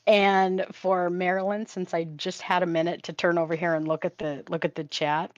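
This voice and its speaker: Older woman, chatty and laughing, low voice. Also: level tone, moderate pace, dry recording. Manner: chatty storyteller, laughs often. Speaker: crafting livestream co-host. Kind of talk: casual chat with a sibling on a livestream. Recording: dry, slightly dull home stream audio.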